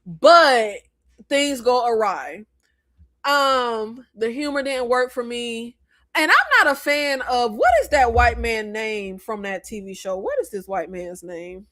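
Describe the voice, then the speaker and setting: High-voiced blunt American woman. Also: takes it slowly. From United States. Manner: blunt, animated and opinionated, with rambling asides. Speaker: host. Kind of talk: casual movie review chat.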